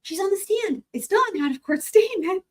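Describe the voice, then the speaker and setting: A woman reading a court transcript aloud and voicing an insistent woman attorney in a high, strained, emphatic voice. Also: animated, brisk. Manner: high, strained and emphatic, fighting back laughter. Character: shrill, insistent woman attorney pressing the judge.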